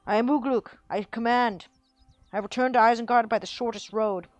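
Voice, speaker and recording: A woman reading aloud, voicing a brutish male orc captain who barks loud, domineering commands in a growl. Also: on the high side, fairly even intonation, moderate pace, no echo, soft background music, lightly acted. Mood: commanding. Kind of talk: reading a book aloud on a livestream.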